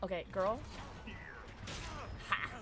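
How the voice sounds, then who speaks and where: A woman's voice: very slow, sharp tone, a little hiss or hum. A young woman streaming a game, chatting casually with her viewers and reacting with frequent giggles. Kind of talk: casual gaming livestream chat.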